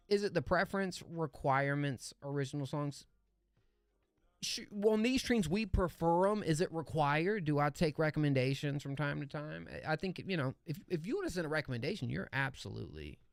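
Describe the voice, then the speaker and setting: A man's voice: fairly high pitch, vocal fry, dry recording. Hyped casual man reviewing beats live. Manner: enthusiastic, slangy, many fillers and restarts. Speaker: livestream music review host. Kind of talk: casual live-stream commentary.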